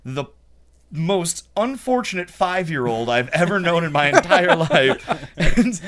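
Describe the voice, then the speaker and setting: A man's voice: fairly high pitch, very animated, measured pace, crowd noise. A man hosting a casual podcast chat, who laughs often while telling stories. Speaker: podcast host.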